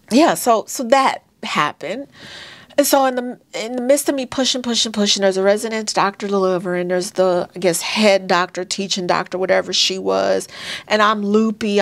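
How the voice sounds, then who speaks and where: A woman in her thirties tells her own painful story to her viewers, halting and emotional, calling them y'all. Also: mid-range voice, dry recording. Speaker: vlogger sharing a birth story. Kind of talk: personal storytelling to camera.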